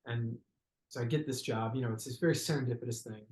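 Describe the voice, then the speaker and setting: A man in the middle of his voice range speaks as a podcast guest, telling a story in a thoughtful, searching manner. He pauses and restarts often, reaching for the right word. The recording has a noticeable roomy echo. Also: mid-range voice, darkish tone. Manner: searching, hesitant phrasing with frequent "like" and restarts. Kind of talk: reflective conversational storytelling.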